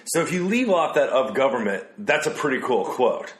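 A man co-hosting a casual discussion show, reflective and quick to laugh as he reads quotes aloud. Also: mid-range voice, big pitch swings. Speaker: podcast co-host. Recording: roomy echo.

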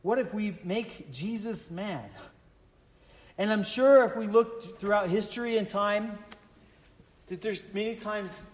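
High-voiced earnest preacher in a reverberant hall. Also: male voice, slow pace, pauses often. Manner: earnest, emphatic, repeats exclamations. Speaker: pastor. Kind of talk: sermon.

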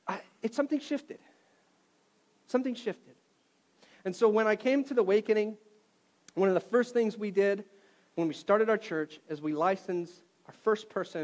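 High-voiced, animated male pastor. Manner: animated storytelling, swings from loud to quiet. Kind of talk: sermon.

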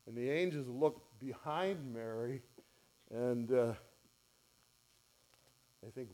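Slow-speaking preacher man. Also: medium pitch. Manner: storytelling preacher, acts out quoted voices softly and loudly. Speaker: pastor. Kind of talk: sermon. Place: church.

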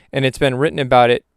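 A man's voice: mid-range voice, gravelly, clear, resonant tone, no echo, studio quality. A young man rambling through a reflective vlog monologue, questioning himself aloud with jokey asides. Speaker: vlogger.

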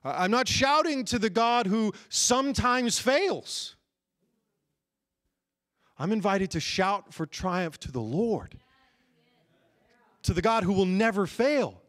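A man preaching a sermon, telling stories animatedly, with frequent restarts and sudden bursts of shouting. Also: sits high, animated, slow pace, pauses often. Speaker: pastor.

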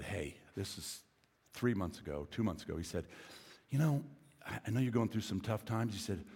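A man's voice: sits low, vocal fry, darkish tone, slightly rough, in a large hall. A middle-aged male pastor preaching a sermon, telling a story and building to emphatic preaching.

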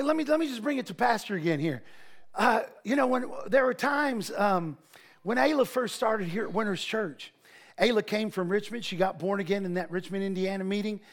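A man preaching a sermon as pastor, animated, with storytelling asides. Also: high-pitched.

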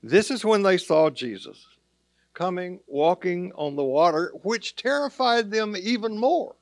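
Conversational male preacher, slightly high voice. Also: sing-song, measured pace, dry recording, studio quality. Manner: conversational preaching with plain asides. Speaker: pastor. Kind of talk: sermon.

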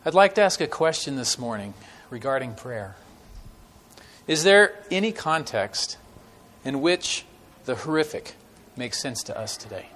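A man preaching a sermon with stories to a church congregation, talking in a conversational way with many fillers and dramatic pauses. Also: mid-range voice, very animated, a bit bright, a little hiss or hum. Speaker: guest preacher.

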